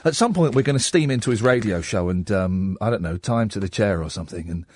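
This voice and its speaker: A man's voice: fairly low pitch, quick pace, slight background noise. A man, hosting a late-night radio phone-in in a chatty, self-mocking way. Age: 40s. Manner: chatty, self-mocking, lively banter with the studio team.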